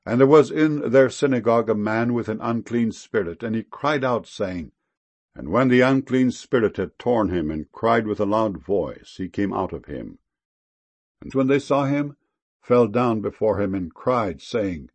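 Low gravelly man reading scripture. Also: darkish tone. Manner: measured, solemn, archaic wording.

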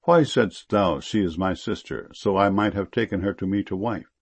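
A man reading scripture aloud in a slow, measured, reverent way. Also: low voice, husky, no echo. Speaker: scripture reader. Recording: dull, lo-fi sound.

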